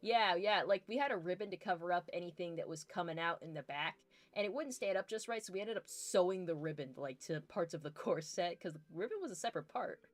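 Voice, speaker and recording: A woman's voice: lowish voice, fast, hardly any pauses, no echo, faint music behind. A woman hosting a game stream, chatting casually with friends and reading viewer comments aloud, with lots of fillers. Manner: chatty, filler-heavy, reads chat aloud. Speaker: streamer host. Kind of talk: casual chat while gaming.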